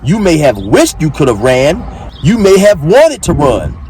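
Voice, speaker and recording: Dude doing commentary on a clip, blunt, cussing, kinda mellow dark voice. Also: male voice, fairly high pitch, huge pitch swings, measured pace, a little hiss or hum. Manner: blunt, mocking, profane storytelling. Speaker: commentary channel host. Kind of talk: casual commentary on a video clip.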